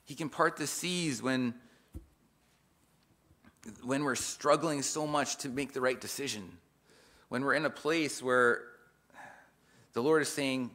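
With a medium-pitched voice and a measured pace, a man delivers an earnest, informal sermon, reading scripture and explaining it with frequent restarts. He pauses often and lets his volume swell and drop to stress his points.

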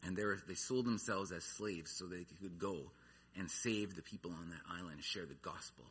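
A man's voice: low voice, moderate pace, fairly bright tone. A man preaching a sermon, earnest, his voice rising and falling in intensity. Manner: earnest, rises and falls in intensity.

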